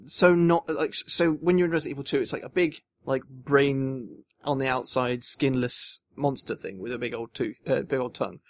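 A man's voice: medium pitch, moderate pace, hardly any pauses. A young man chats casually on a podcast. He tells long, rambling stories and keeps restarting his sentences as he goes. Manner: rambling storyteller, many restarts and fillers. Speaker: podcast co-host. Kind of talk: casual chat.

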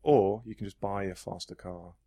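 Chatty man, lowish voice. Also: steady tone, normal speed, gravelly, mellow, breathy edge. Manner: enthusiastic, rambling with restarts. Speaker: podcast host. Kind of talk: casual podcast chat.

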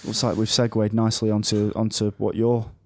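A man's voice: fairly low pitch, monotone, fairly quick, a little mellow. A man hosting a casual podcast, wryly steering the chat between friends. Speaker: podcast host.

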